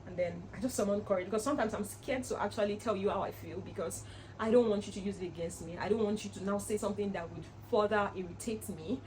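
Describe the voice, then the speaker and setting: A young woman in her twenties, a vlogger telling a personal story to camera in an earnest, animated way. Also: medium pitch, quick pace, a little hiss or hum, rough recording. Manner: earnest, animated, with laughs and reenacted quotes.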